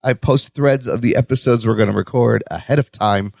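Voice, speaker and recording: A man's voice: a little fast, gravelly, dry recording. A man co-hosting a podcast, chatting casually as he recaps a sitcom episode and acts out bits of dialogue. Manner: animated, acts out lines in a high whiny voice. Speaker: podcast co-host.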